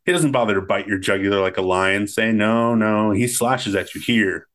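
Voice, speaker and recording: A man voicing a stern male paleontologist, telling a grim story in a measured way. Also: fairly low pitch, fairly bright tone, close to an everyday voice.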